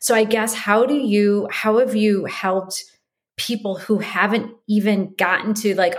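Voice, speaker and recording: A woman's voice: mid-range voice, steady tone, a little slow. Chatty woman podcast host. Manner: rambling, restarts questions, many listening murmurs. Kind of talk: casual interview chat.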